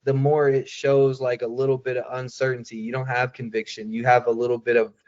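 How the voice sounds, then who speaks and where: A man's voice: medium pitch, flat delivery, a little fast, a little mellow, highs cut off. A man giving casual sales coaching, talking loosely with lots of fillers and acting out quoted voices. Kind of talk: casual coaching talk on a call.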